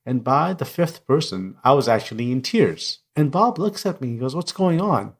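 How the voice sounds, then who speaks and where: A middle-aged man, not a native English speaker, recounting personal stories in an interview. He speaks candidly and reflectively in a voice of ordinary pitch for a man. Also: big pitch swings, moderate pace, vocal fry, husky. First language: non-English first language. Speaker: guest, coach and speaker.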